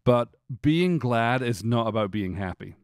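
A middle-aged man with a Scottish accent softened toward American, co-hosting a podcast in a chatty, self-deprecating way full of asides. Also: mid-range voice, expressive, unhurried, no room sound, studio quality. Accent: Scottish, worn toward American. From Scotland. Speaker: podcast co-host. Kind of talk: casual conversational podcast chat.

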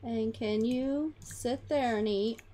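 A woman's voice: on the high side, mellow. A woman giving casual commentary over a life-simulation game, chatty and narrating her moves. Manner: chatty, voices her characters in quick asides. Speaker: gaming channel host.

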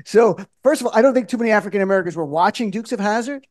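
A man hosting a radio talk show in a studio, animated and joking, often laughing through comedic political banter. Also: sits high, rapid-fire, no room sound.

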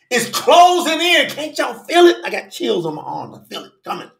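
A man preaching in a livestream sermon, fervently calling out viewers by name and swinging between shouts and low murmurs. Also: very animated, moderate pace, gravelly, hardly any pauses, echoey room. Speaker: preacher hosting a live Bible study.

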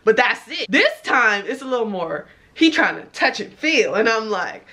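Girl in her 20s doing a storytime, super animated, bright voice. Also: fairly high pitch, moderate pace, hardly any pauses. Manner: animated, laughing, acts out quoted lines. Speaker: vlogger. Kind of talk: storytime chat.

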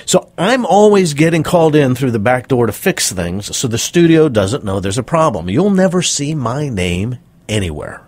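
A middle-aged man, a performance coach, spins anecdotes with lively, swooping pitch. His voice is a little husky and sits close and dry on the microphone. He slips into the voices of the people he quotes. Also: moderate pace, no echo. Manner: animated storyteller acting out quoted voices. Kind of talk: interview storytelling.

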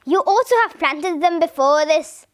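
A woman's voice: extremely high pitch, unhurried. A woman reading the lines of a helpful young flower-shop girl in a storybook, chatty and helpful.

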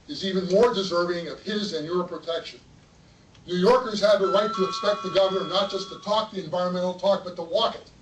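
High-voiced man testifying in echoey hall. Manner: earnest, pointed, read-out statement. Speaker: public commenter. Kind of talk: public testimony at a board meeting. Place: public meeting room. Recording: roomy hall, mic far off.

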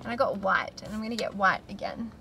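A woman's voice: mid-range voice, quick pace, noisy background. A young Australian woman chatting candidly to camera in a casual vlog, swearing now and then. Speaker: vlogger.

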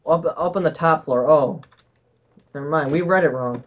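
A man's voice: fairly high pitch, normal speed. A young man hosting a casual let's play, exasperated and swearing through his commentary. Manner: exasperated, swears, frequent outbursts.

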